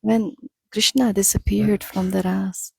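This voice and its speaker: Gravelly-voiced woman translating a spiritual talk. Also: mid-range voice, little pitch movement, measured pace, warm tone, rough recording. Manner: explains with stories and rhetorical questions; occasional restarts while translating.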